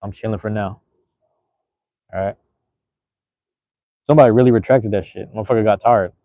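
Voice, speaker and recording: A man's voice: fairly low pitch, steady tone, moderate pace, no room sound, narrow, tinny audio. A man hosting a casual solo livestream, rambling in a laid-back, slangy way. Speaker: livestream host.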